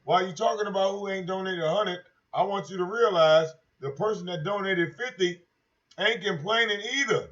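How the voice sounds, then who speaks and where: A high-voiced man holds forth on his own livestream in a brash, profane and mocking way, circling back over the same points. His voice comes through dull, lo-fi stream audio. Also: moderate pace, fairly bright tone. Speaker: livestream host. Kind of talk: casual livestream rant.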